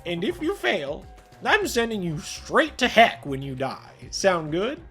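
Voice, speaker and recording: A woman's voice: mid-range voice, huge pitch swings, measured pace, a bit bright, faint music behind. A woman voicing a playful old male angel who gambles, cheery and teasing.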